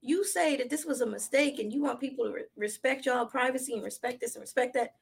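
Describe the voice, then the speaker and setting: A young woman co-hosting a podcast, chatting casually about celebrity gossip in an animated, slangy way and laughing often. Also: sits high, fast, vocal fry, breathy edge. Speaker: podcast co-host.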